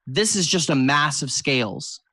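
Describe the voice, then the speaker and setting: A man's voice: a little high, lively intonation, moderate pace, bright, forceful tone, breathy edge, no room sound. A man narrating a tabletop game as game master, descriptive and given to restarts.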